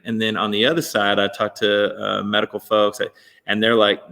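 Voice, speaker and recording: A man's voice: on the low side, level tone, normal speed, vocal fry, pushed and bright, in a large hall. A man from Texas hosting an interview, rambling and correcting himself as he chats. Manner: rambling, self-correcting, chatty. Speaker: host. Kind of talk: casual interview chat.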